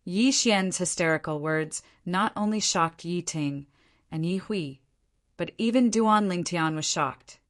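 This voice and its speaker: A woman narrating an audiobook in scripted fashion. Her reading is even and steady, with a fairly low pitch.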